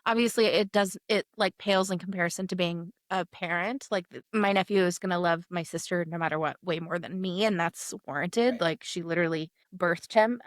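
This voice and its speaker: A woman's voice: on the low side, a little fast, no room sound, studio quality. A young woman co-hosting a podcast from her apartment, chatting casually and telling stories with lots of laughs. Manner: giggly, animated storytelling. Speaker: podcast co-host. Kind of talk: casual chat.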